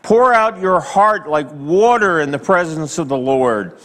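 Male pastor, sermon, unhurried and emphatic, lively swooping delivery, slightly raised pitch, long church-hall reverb. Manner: slow, emphatic preaching with dramatic pauses; asks the congregation direct questions.

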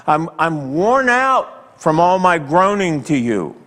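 A man preaches to a congregation, leaning hard on each phrase and letting long pauses hang. His voice rises and falls widely and sits a little higher than most men's. A long reverb trails every line, like a large sanctuary. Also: very animated, fairly bright tone. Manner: slow, emphatic preaching with dramatic pauses; asks the congregation direct questions. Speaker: pastor. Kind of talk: sermon.

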